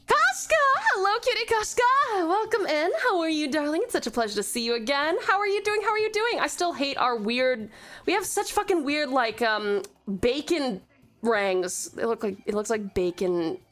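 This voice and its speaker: A woman's voice: high-pitched, animated, moderate pace. A woman from Tasmania, streaming a game, gushing over her chat with pet names and swearing freely. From Tasmania, Australia. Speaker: VTuber streamer.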